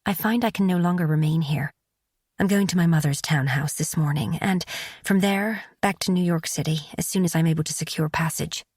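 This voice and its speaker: A woman voicing a hurt young wife in an audiobook, talking quietly and with restraint. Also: low voice, a little fast, slightly rough, no echo, studio quality. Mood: sad restrained. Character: young American wife, hurt but composed.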